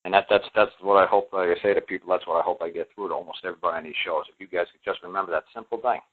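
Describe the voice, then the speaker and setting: A man's voice: low-pitched, steady tone, rapid-fire, dry recording. A man speaking as a talk show guest in a folksy, emphatic monologue, often acting out the voices of the people he quotes. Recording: tinny phone line, dry.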